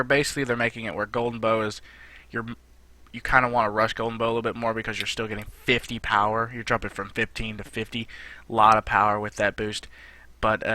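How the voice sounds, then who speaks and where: Rambling man with a bright voice. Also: lowish voice, dry recording. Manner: rambling, filler-heavy, conversational. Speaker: gaming channel host. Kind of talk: casual patch notes commentary.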